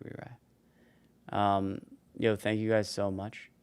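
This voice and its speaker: A man's voice: on the low side, monotone, takes it slowly, clean tone, dry recording. A tired man in his forties, a streamer casually signing off a livestream and rambling as he thanks viewers by name. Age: 40s.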